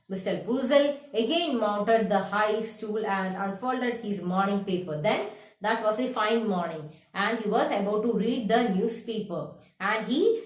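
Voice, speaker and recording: A woman's voice: medium pitch, reverberant. A young woman teacher with an Indian English accent, reading a story aloud to a class and stopping to explain the meaning of each word. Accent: Indian English, from Kerala. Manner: reads lines aloud, then paraphrases and defines words. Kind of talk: explaining a literature text to a class.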